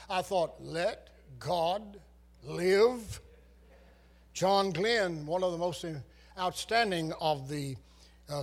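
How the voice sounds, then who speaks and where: A man preaching a sermon, reciting scripture with dramatic, swelling emphasis. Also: high voice.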